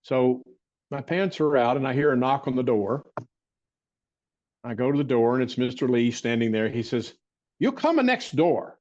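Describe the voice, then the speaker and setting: An older man telling a personal story as an interview guest, with rambling restarts and frequent throat clearing. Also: mid-range voice, steady tone, moderate pace, long pauses, a little mellow, lo-fi sound. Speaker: interview guest, martial arts teacher.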